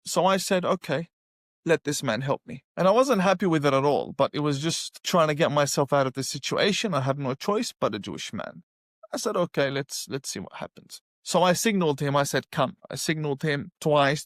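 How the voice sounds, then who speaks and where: A man telling his personal testimony in an animated storytelling way, repeating phrases for emphasis. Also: on the high side, no echo, clean studio sound. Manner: animated, acts out his own past reactions; emphatic repetition. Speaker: guest sharing a conversion testimony.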